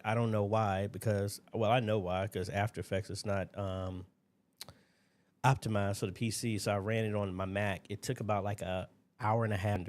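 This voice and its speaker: A man's voice: fairly low pitch, a little hiss or hum. A man hosting a casual livestream Q&A from his desk, rambling and chatty as he greets viewers by name. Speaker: livestream host. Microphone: desk mic at a computer.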